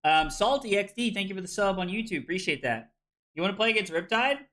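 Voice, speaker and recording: A tipsy man streaming a card game, loud and joking, laughing often as he chats with viewers. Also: sits high, lively intonation, quick pace. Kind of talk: rowdy livestream chat.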